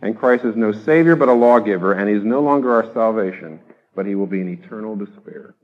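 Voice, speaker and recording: A man preaching a sermon, emphatic, rising to loud exhortation and then dropping low. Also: brisk, muffled recording. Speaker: pastor.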